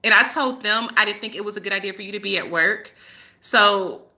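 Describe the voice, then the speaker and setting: Bright-voiced, laughing woman. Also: mid-range voice, brisk. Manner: laughs often, rambling and animated storytelling. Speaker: host and spiritual healer. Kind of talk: casual live-stream chat with viewers.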